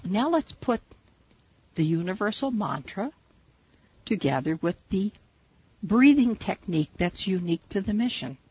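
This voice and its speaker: Woman, meditation teacher, slow soothing guidance, husky voice. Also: medium pitch, animated, a little mellow. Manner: slow, measured, soothing instruction. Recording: dull lo-fi recording.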